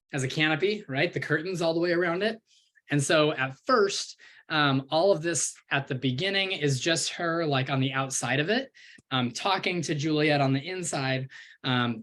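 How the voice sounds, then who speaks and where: A man's voice: fairly high pitch, fairly bright tone. A man teaching a play, explaining scenes in a casual way with many fillers. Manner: chatty, full of fillers.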